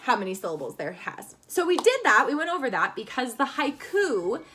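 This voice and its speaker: A woman with a bright, high voice teaches young children in a video lesson recorded from her room at home. She speaks cheerfully, slowly and clearly for kids, into a phone held at arm's length. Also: very animated, slight background noise. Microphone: phone camera at arm's length.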